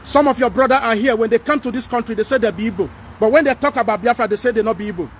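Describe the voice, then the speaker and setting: A man with a Nigerian accent hosting a livestream, talking to viewers and reading their comments in an animated, pleading way. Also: very high voice, rapid-fire, slight background noise. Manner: animated, pleading, mixes in Pidgin. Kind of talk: casual livestream talk.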